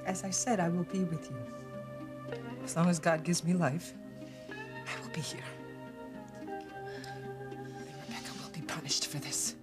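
A woman's voice: lowish voice, steady tone, moderate pace, pauses often, lightly acted. An actress playing a fierce, impassioned, devoted mother in a soap opera. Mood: tender. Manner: impassioned, pleading then furious. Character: fierce devoted immigrant mother, middle-aged woman. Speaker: housekeeper and mother. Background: music.

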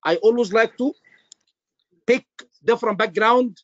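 A man teaching an online exam-prep class, lively, repeating points and checking in with his students. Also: extremely high pitch, unhurried, no echo, lo-fi sound. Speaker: medical exam tutor.

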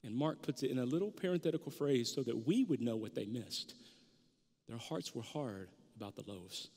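A male pastor preaching a sermon, lively and animated, acting out the disciples in raised voices. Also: mid-range voice, normal speed. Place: church sanctuary. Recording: church hall reverb.

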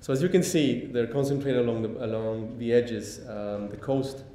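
A man giving a public lecture, pausing often with ums and restarting sentences. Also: steady tone, dark tone. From Mexico. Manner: halting, many ums and restarts. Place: lecture hall. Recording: echoey hall, faint rumble.

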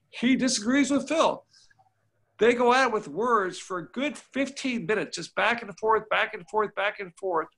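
A man's voice: high-pitched, fairly bright tone. A man, a congressman, speaking in a folksy, emphatic way and telling stories over a video call. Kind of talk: remote panel discussion.

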